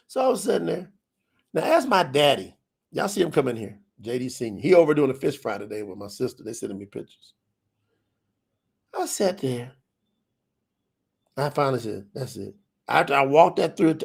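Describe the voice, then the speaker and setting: Gravelly man with lively pitch. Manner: emotional storyteller, drops very quiet on quoted lines. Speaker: church testimony speaker. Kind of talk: personal testimony in church.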